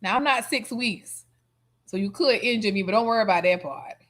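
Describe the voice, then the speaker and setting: A woman streamer giving sassy, mocking reaction commentary, heavy on slang and loud laughter. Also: medium pitch, brisk.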